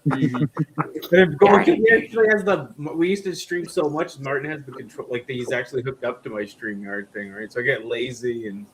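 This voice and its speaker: A man's voice: mid-range voice, moderate pace, slight background noise, poor audio. A man hosting a livestream on a video call, joking in loose, rambling casual chat. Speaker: livestream host.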